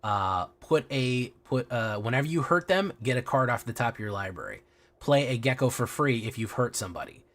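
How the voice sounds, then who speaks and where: Streaming a card game, this man talks to his viewers in a medium-pitched, slightly bright, expressive voice at a somewhat quick pace. His casual chat is profane and full of restarted sentences.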